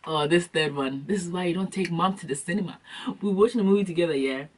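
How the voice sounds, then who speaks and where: A young adult woman vlogging, telling comic stories in an animated, slangy way and acting out scenes. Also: lowish voice, quick pace, husky. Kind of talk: comic storytelling vlog. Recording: distant from the mic.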